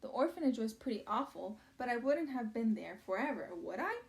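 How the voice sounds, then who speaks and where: A woman's voice: a little high, big pitch swings, a little fast, vocal fry. A woman reading aloud as a young orphan girl who answers plainly and frankly. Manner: matter-of-fact.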